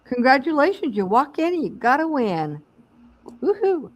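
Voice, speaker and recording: A woman's voice: high-pitched, sing-song, moderate pace, no echo, low-quality recording. A middle-aged woman hosting a bingo stream, chatting casually and laughing as she calls out winners. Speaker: stream host. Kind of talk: casual chat.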